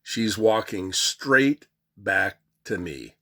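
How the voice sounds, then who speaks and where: An older man telling a comic yarn, animated and laughing at his own jokes. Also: lowish voice, drawn-out words. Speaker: storyteller. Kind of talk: comic storytelling. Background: faint guitar music.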